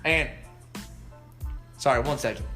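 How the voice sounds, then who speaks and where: A young man in his twenties telling stories in a casual interview, animated and swearing, acting out what people said. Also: mid-range voice, a little slow, echoey room, soft background music. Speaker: guest. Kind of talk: casual storytelling.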